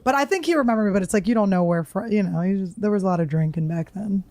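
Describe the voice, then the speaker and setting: A woman's voice: mid-range voice, rapid-fire, dry recording. A woman comedian telling stories in a casual chat, acting out the people she quotes. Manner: animated storyteller acting out quoted voices. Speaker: comedian guest.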